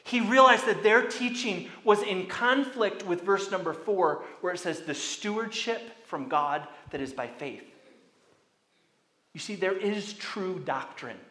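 A man preaching a sermon as pastor, emphatic, dropping to hushed asides and rising to loud commands. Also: high voice, animated, a little slow, roomy sound.

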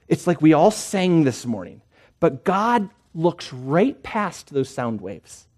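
A man preaching a sermon in church, swinging between hushed, quiet lines and emphatic ones. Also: fairly high pitch. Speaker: pastor.

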